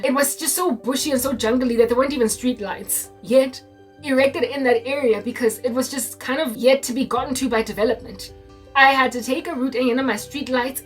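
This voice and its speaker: A young woman with a South African accent tells a story in a loose, chatty way, switching languages and checking in with her listeners. Her voice sits a little high. She sounds set back from the mic, and soft music plays underneath. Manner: mixes English with Sesotho, frequent "do you understand?". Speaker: Christian YouTuber. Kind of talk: casual storytelling monologue. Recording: distant mic with faint music behind.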